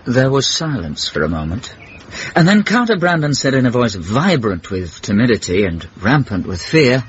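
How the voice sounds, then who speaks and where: A man's voice: medium pitch, big pitch swings, normal speed, slight background noise. A man narrating a radio comedy drama in a dry, wry storytelling manner. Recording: muffled old radio.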